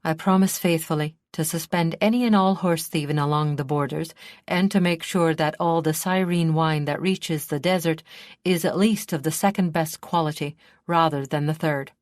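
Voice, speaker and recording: A woman's voice: low-pitched, moderate pace, darkish tone, dry recording, clean studio sound, natural voice. A woman narrator voicing a newly crowned young prince with a wry, muttering manner.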